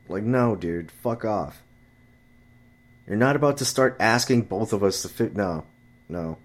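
With lively intonation, an unhurried pace, and frequent pauses, a man grumbles in a casual rant about dating and his friends. His profanity-filled, exasperated stories include sudden high-pitched impressions of talkative friends and women.

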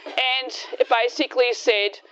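A woman's voice: fairly high pitch, fairly even intonation, unhurried, bright, forceful tone, muffled recording, slight background noise. A woman in her sixties, blunt and outspoken, telling a group a story in a casual, swearing way. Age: 60s. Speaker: speaker addressing a group. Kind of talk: casual anecdotal talk.

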